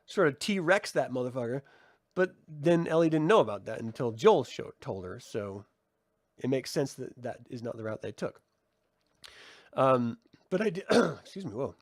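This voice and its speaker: A man giving a casual review of a TV episode, excitable and gushing, swearing freely and filling his talk with "like". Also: mid-range voice, moderate pace, no room sound. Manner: excitable, swears, many "like" fillers. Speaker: TV series reviewer. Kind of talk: casual video review commentary.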